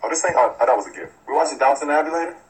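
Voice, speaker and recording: A man playing an easygoing celebrity in a comedy film scene, talking casually and rapidly. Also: a little high, expressive, lightly acted, poor audio.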